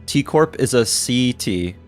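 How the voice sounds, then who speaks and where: A man's voice: mid-range voice, lively intonation, unhurried, soft background music. A man streaming a game, casually joking with chat and reading the game's dialogue aloud, now and then in a mock British voice.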